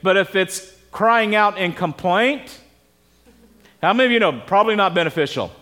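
A man's voice: high voice, lively intonation, moderate pace, bright, forceful tone. A man preaching a conversational sermon to a congregation, often stopping to ask them questions. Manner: casual, quizzes the congregation with questions. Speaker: pastor. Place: church service with congregation.

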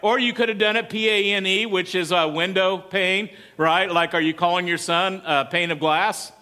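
A pastor preaching in an easy, chatty way, often turning to ask the congregation questions. His voice sits high for a man and has a bright, forceful edge. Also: fairly even intonation, moderate pace, smooth. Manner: conversational, asks the congregation questions. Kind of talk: sermon.

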